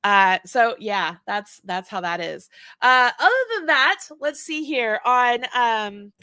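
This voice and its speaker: A woman in her forties hosts a casual chat, rambling happily with laughs and restarts. Her voice is bright and a little high. The sound is dry and close. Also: slow pace, smooth, no echo. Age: 40s. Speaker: host.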